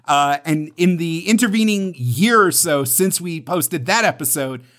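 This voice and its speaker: Casual podcast co-host, male, slightly higher pitch, rambling and self-deprecating. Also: animated, a little slow, fairly bright tone. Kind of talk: casual chat.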